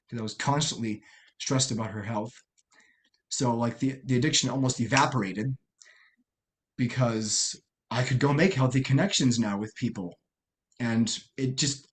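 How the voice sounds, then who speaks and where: Earnest halting middle-aged man. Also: medium pitch. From United States. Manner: earnest, halting, many restarts and fillers. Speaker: podcast guest. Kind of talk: personal storytelling interview.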